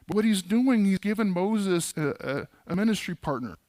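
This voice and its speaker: A man's voice: high voice, lively intonation, moderate pace, a little mellow, no echo. A man preaching a sermon as a pastor in a church, conversational with casual humorous asides.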